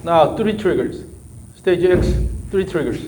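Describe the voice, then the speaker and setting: A man's voice: high voice, animated, measured pace, background noise. A man whose first language is Korean, coaching a golf student with short, repeated instructions. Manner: short repeated instructions, non-native phrasing. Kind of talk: coaching a student during practice.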